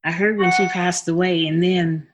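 A woman singer chatting casually as an interview guest, expressive and talkative. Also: fairly low pitch, normal speed, noisy background. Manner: expressive and chatty, with frequent laughs.

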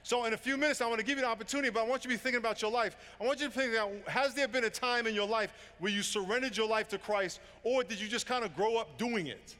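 Preacher, man in his 50s: high voice, fervent storytelling, hall reverb. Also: rapid-fire, few pauses, bright, forceful tone. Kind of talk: evangelistic sermon. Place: large room with audience.

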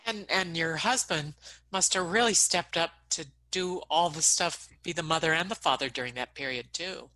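A woman's voice: sits low, moderate pace, sharp tone, no echo, low-quality recording. A woman interviewer asking friendly, encouraging questions. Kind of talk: conversational interview.

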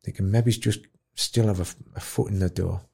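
A man telling a moving story in an interview, acting out other people's voices and dropping to a hush at tender moments. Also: low-pitched, fairly quick, creaky, husky. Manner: animated storyteller, acts out voices, drops to quiet. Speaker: guest, dementia campaigner. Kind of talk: storytelling in conversation.

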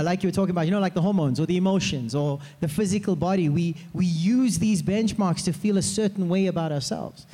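A man preaching a sermon as pastor, in a lively way, often asking the congregation to repeat words after him. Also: high-pitched. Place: church hall. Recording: long hall reverb.

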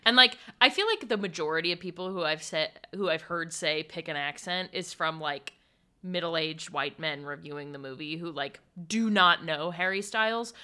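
A young woman co-hosting a casual chat, talking fast and emphatically like a devoted fan. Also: low-pitched, pushed and bright, clean tone. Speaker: podcast co-host.

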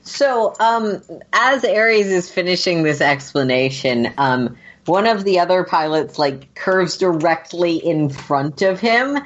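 A woman narrating as game master of a tabletop role-playing game, chatty with quick asides. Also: fairly low pitch, expressive, dull audio.

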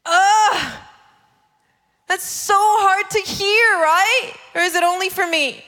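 A woman preaching a sermon in an animated way, acting out other people's voices as she tells stories. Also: very high-pitched, unhurried, in a large hall. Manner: animated, acts out voices of her kids and God.

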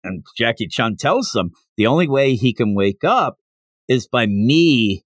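A man casually retelling a comic chapter for his podcast. His pitch leaps around as he gets animated, and the recording is close and dry with no room sound. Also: a little slow, no echo. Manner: animated retelling with bursts of put-on character voices. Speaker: podcast host. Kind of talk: casual manga recap.

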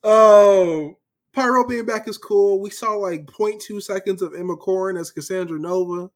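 A man co-hosting a podcast in casual chat, ranting in an animated, profane and emphatic way. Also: high voice, normal speed. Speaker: podcast co-host.

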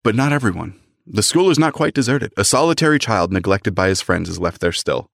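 A young man on a casual book podcast, reading passages aloud with lively voices and joking about them. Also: fairly low pitch, a little fast, gravelly, dry recording, clean studio sound.

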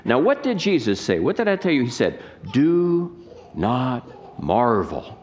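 A man's voice: on the high side, wildly swooping pitch, quick pace, darkish tone. A man, a pastor, preaching a sermon with emphatic rhetorical questions and scripture reading.

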